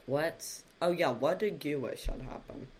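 A young woman co-hosting a podcast in casual chat, giggly and jokey, quick to argue a point. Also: low-pitched, a little mellow, slight background noise. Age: young adult. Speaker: podcast co-host.

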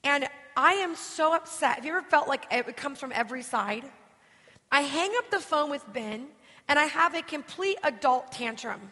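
Woman, bright tone, animated storytelling sermon, asks the room questions, echoing church hall. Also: sits high, normal speed. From United States. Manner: animated, emotional storytelling with rhetorical questions to the audience. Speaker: guest preacher.

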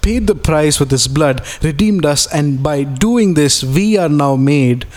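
A man's voice: on the high side, lively intonation, measured pace, darkish tone. A man preaching a sermon as a pastor, earnest and repeating key phrases, reading scripture aloud and explaining it plainly.

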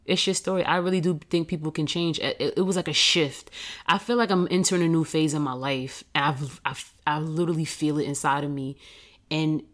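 A woman with a low voice, talking as a guest on a casual podcast. She speaks in a heartfelt, emotional way and often drops to a hushed voice.

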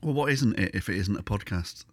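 A British man hosts a casual podcast, teasing his guest with sarcastic quips. His voice sits low and the sound is close and dry. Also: lively intonation, a little fast, dry recording. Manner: teasing, sarcastic banter with frequent laughs. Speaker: podcast host. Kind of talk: casual chat.

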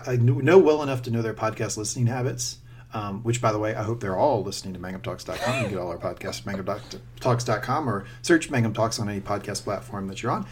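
A man co-hosting a podcast, chatting casually in a rambling, animated and self-deprecating way, quick to laugh. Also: medium pitch. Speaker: podcast co-host. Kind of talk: casual chat.

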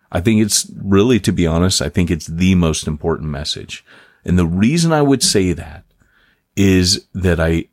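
Man, deep voice, very animated pitch, dry close sound, joking podcast co-host. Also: no room sound. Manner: animated, joking, laughs often. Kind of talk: casual podcast chat. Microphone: remote call.

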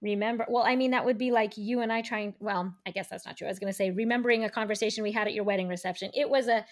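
A woman co-hosting a conversational podcast, talking things through in a mid-pitched voice. She reasons out loud and frequently circles back to restart her phrases. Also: steady tone, racing. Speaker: podcast host. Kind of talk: casual chat.

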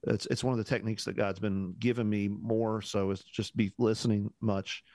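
Low-voiced pastor telling a story. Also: male voice, normal speed, no room sound. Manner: animated storyteller who acts out the dialogue; casual, uses "man" often, restarts sentences. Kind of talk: storytelling in a podcast conversation.

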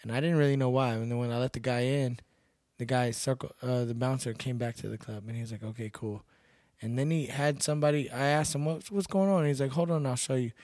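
A man's voice: mid-range voice, little pitch movement, fast, few pauses, darkish tone, no echo, clean studio sound. A young man from Texas, a guest telling stories in a casual podcast chat, blunt and laid-back, swearing freely. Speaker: podcast guest, bouncer and MMA fighter.

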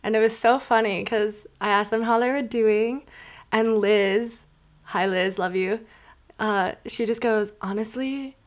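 A woman's voice: medium pitch, steady tone, unhurried. A woman from Minnesota hosting a casual chat with friends, bubbly and laughing often. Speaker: host.

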